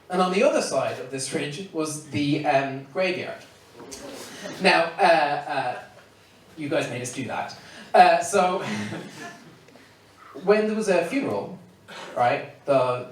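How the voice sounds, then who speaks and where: Irishman talking on a comedy stage. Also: a little high. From Ireland. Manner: chatty, many fillers and restarts. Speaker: comedy club speaker. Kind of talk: comic talk on stage. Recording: echoey room, mic far off, faint noise.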